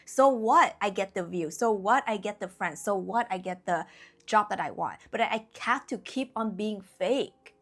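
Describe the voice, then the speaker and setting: A woman's voice: medium pitch, fairly bright tone. A young woman talking casually and bluntly to camera as a spiritual YouTuber, emphatic, with lots of fillers. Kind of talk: casual direct-to-camera talk.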